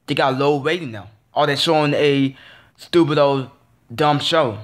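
A man's voice: on the high side, a little slow. A man vlogging a frustrated, casual rant, repeating himself and stammering through restarts. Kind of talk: ranting casual monologue.

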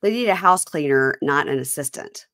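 A woman's voice: sits low, expressive, moderate pace, fairly bright tone, no echo, clean studio sound. A woman hosting a podcast in casual chat, wry, often quoting people in put-on voices. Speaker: podcast host.

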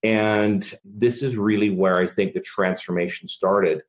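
Deep-voiced man telling his story. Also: fairly even intonation, measured pace. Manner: earnest, many "you know" fillers. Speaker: podcast guest. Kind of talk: casual storytelling. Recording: dull lo-fi recording.

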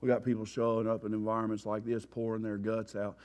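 A man's voice: fairly low pitch, quick pace. A man giving a sermon-style testimony at a church recovery revival, telling his story in slangy street talk and acting out his past panic. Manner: animated, acts out his own past panic.

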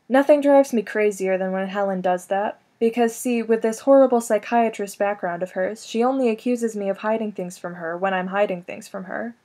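A woman narrating a first-person audiobook in a wry, conversational tone. Her voice sits at an ordinary middle pitch and moves along easily. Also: fairly even intonation, a little fast, darkish tone. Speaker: audiobook reader.

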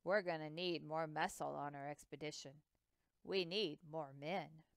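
A woman voicing a proud, excitable male expedition captain whose words tumble out in indignant bursts, in a storybook reading. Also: mid-range voice, measured pace, clear, resonant tone, no room sound, studio quality. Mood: grim.

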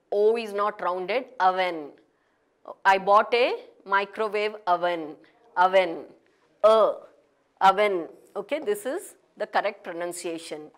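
A woman teaching pronunciation, spelling words out letter by letter and repeating each one with careful emphasis. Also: mid-range voice. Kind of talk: slow classroom pronunciation lesson.

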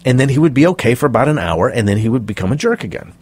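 A man's voice: mid-range voice, very fast, slightly rough. A middle-aged man, a performance coach, telling stories in an interview and acting out the people he quotes. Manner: animated storyteller acting out quoted voices. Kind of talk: interview storytelling.

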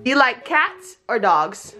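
Twenties woman vlogger, bright playful mom voice, coaxing and giggly, soft music bed. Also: fairly high pitch, big pitch swings, takes it slowly. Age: 20s. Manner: sing-song, coaxing, often laughing. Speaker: vlogger interviewing her toddler. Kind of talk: playful casual chat.

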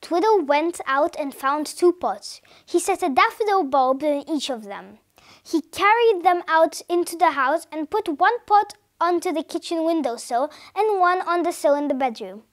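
Woman storyteller; high voice, very animated delivery. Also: moderate pace. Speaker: story reader. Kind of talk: read-aloud storytelling.

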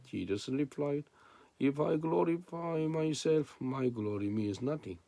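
Gravelly male preacher with dry sound. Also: fairly high pitch, lively intonation, measured pace, mellow, no echo. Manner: non-native English, frequent restarts and rhetorical questions. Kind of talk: sermon with scripture reading.

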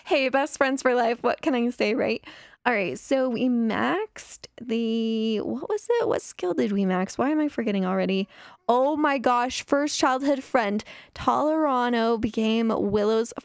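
Woman, high voice, excitable chatty let's-play commentator talking to viewers. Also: a little slow, creaky, no room sound, clean studio sound. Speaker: gameplay commentator.

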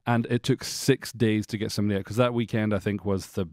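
A middle-aged man with a Scottish accent softened toward American, co-hosting a podcast in a chatty, self-deprecating way full of asides. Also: lowish voice, fairly even intonation, quick pace, dry recording, studio quality. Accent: Scottish, worn toward American. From Scotland. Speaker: podcast co-host. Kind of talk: casual conversational podcast chat.

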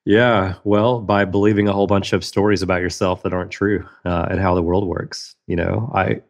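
A man's voice: sits low, level tone, normal speed. A man in his thirties, a podcast guest telling a personal story in an earnest, reflective way.

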